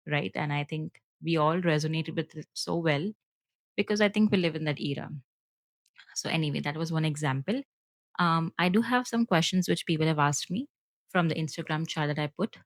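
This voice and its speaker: A woman with an Indian accent, hosting her podcast solo and talking fast and earnestly to her viewers, with frequent fillers. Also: low-pitched, no echo. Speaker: podcast host.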